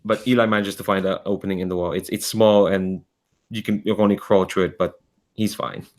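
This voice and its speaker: A man with a low voice narrates a tabletop game as game master. His descriptions wander and restart, thick with fillers. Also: steady tone. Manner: rambling, halting narration full of fillers and restarts.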